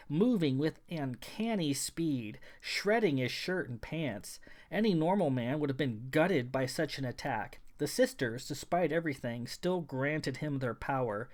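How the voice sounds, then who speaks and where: Male author narrating sci-fi fiction, measured, even storytelling read. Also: mid-range voice. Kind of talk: audiobook narration.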